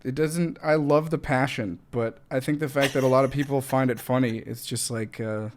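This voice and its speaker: A young man co-hosting a casual podcast, talking through an idea slowly. He hesitates and searches for words, in an average-pitched voice. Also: fairly even intonation, darkish tone. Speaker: podcast co-host. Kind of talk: casual chat.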